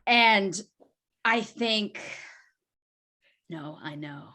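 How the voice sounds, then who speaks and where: Slow-talking woman playing a tabletop game. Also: medium pitch, animated, pushed and bright. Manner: speaks in character, describing actions with bold bursts. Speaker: player.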